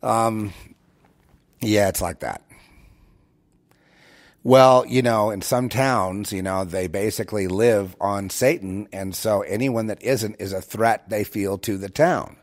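A man's voice: lowish voice, slow. A man hosting his own show, talking straight to his listeners in a rambling, preachy monologue full of restarts and repeated words. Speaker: show host.

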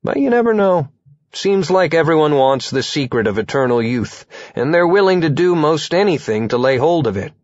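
A man's voice: fairly high pitch, sing-song, normal speed, darkish tone, no room sound, dull audio. A man reading a first-person audiobook in a wry, conversational manner. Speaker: audiobook narrator.

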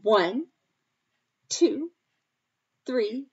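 A woman teaching a kindergarten math lesson on video, talking slowly and encouragingly to young children in a sing-song, playful way. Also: on the high side, animated, slightly rough, highs cut off. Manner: playful mock surprise, sometimes dropping to a whisper.

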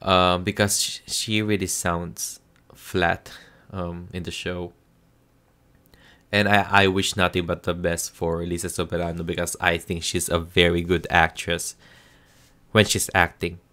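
Low-pitched and unhurried, a Filipino man from the Philippines delivers a casual show review in a flat, sharp-toned voice with a Filipino accent. He hesitates often, peppering his speech with ums and restarting sentences.

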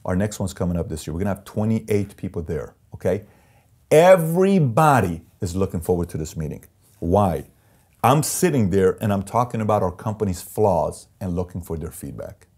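This CEO's low voice swings widely in pitch at a normal pace, a little mellow with a breathy edge. As an interview guest he relates business anecdotes with intensity and emphasis, performing the voices of those he quotes.

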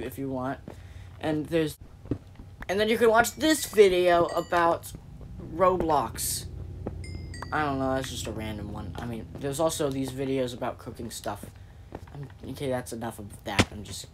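A man with a medium-pitched voice hosts a gaming session, with slight background noise and faint keyboard clicks behind him. His gameplay commentary is chatty and rambling, full of jokes and puns, and he keeps interrupting himself to restart sentences.

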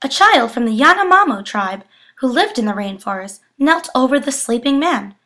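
A young woman reading a children's picture book aloud with expressive storytelling. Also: sits high, moderate pace. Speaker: education student.

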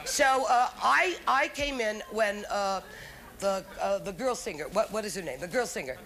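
A woman's voice: medium pitch, animated, moderate pace. A middle-aged woman doing a bawdy stand-up routine, talking straight to the audience. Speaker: stand-up comedian. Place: theater stage with a live audience. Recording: 1970s TV special, loud crowd laughter.

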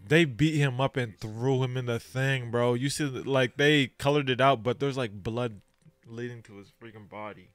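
A man hosts an anime reaction, shifting from soft heartfelt reflection to loud outbursts in a slang-heavy way. His voice is smooth and full, at an everyday pitch. The sound is close and dry. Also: normal speed, dry recording, soft background music. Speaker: reaction channel host.

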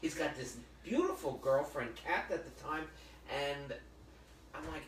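A man hosting a casual cooking show, joking and telling stories in a chatty, animated way. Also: fairly high pitch, unhurried, slight background noise. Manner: chatty, jokey, animated storyteller. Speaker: host of a live cooking show. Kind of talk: casual storytelling chat. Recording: echoey room, mic at a distance.

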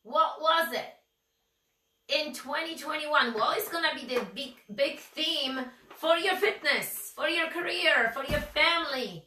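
A woman's voice: high voice, measured pace, sharp tone, recorded from a distance, slight background noise. A woman with a Russian accent co-hosting a motivational show, urging listeners with questions. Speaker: podcast co-host. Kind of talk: motivational talk. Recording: echoey room, off-mic.

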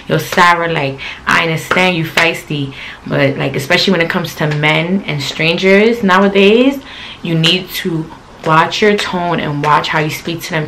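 A woman's voice: sits low, bright, forceful tone, a little hiss or hum. A young woman, telling a storytime vlog in a blunt, slangy, profane way. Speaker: channel host.

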